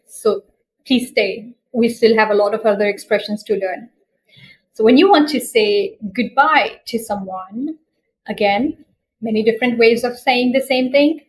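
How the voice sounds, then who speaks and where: A woman teaching basic French expressions, saying each phrase slowly and repeating it for learners. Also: a little high, rough recording. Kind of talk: slow language lesson with repeated phrases.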